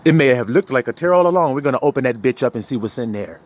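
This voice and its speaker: Lively, swooping man preaching. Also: fast talker. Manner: preachy, laughs often, swings between loud and low. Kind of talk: street sermon.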